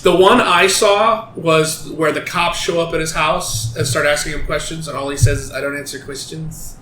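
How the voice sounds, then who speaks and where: A man hosting a casual podcast chat, an animated storyteller who swears freely. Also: a little high, normal speed, slight background noise. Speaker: podcast host. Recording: roomy room with faint ambience.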